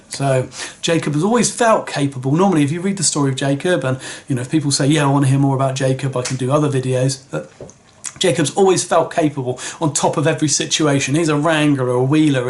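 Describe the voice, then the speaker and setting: A man giving a conversational Bible commentary, often checking in with his listeners with "all right?" and "okay?". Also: a little high. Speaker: Bible teacher.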